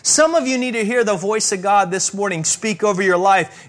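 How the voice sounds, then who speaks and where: A man preaching a sermon as a pastor, with emphatic rises and slow, stressed repetitions. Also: high-pitched, fairly bright tone.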